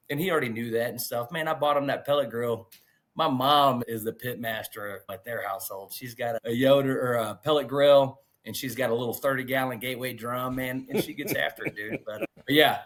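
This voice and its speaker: A man's voice: mid-range voice, fairly quick, a bit bright. A man, telling his story as a guest in a casual, folksy way. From Gulf Coast of Alabama, US. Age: 40s. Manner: laid-back, folksy, peppers talk with "man" and "dude". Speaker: guest pitmaster.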